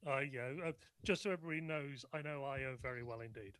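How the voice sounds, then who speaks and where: A man's voice: mid-range voice, fast talker, a bit bright, clean tone, no room sound. A man from the UK, a guest in a casual talk show conversation, jovial and bantering.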